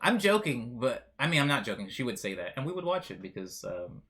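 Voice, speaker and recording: A man's voice: medium pitch, sing-song, a little fast, a bit bright. A male streamer chatting casually on a live stream, rambling and joking with bursts of mock outrage while reading chat aloud.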